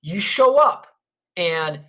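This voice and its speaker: Bright-voiced rambling storyteller. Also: mid-range voice, very animated, slow pace. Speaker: podcast co-host. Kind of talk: casual chat.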